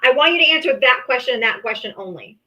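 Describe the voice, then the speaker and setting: A woman's voice: high voice, animated, fast talker, sharp tone, dull audio. Blunt, profane woman livestream host. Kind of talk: heated political call-in debate.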